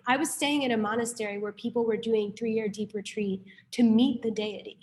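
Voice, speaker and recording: Speaking fairly quickly with hardly any pauses, this young woman from New York City has a voice on the high side. She leads a Buddhist class in a chatty, informal style, full of lively stories and frequent "like"s.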